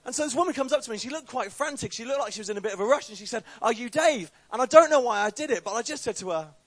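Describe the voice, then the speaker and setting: A young Englishman gives a relaxed, chatty talk to a church group and tells a funny story about himself. His voice sits fairly high, and the sound is dry and close, with little room echo. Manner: chatty, self-deprecating, quick asides.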